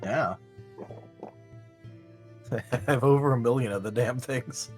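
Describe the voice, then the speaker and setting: A man narrating as game master in a tabletop game, in a relaxed, unhurried way. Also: medium pitch, faint music behind.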